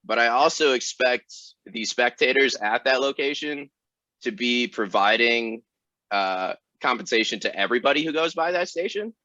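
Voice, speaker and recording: A man, a runner being interviewed, who answers with dry, deadpan jokes in casual chat. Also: mid-range voice, normal speed, no room sound, dull audio. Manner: dry joking, deadpan humor. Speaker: ultrarunner guest.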